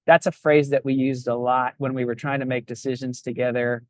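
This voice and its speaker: A man's voice: mid-range voice, flat delivery, brisk, no echo. Man in his fifties, pastor guest, reflective, restarts phrases, dry close sound. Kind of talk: casual podcast conversation.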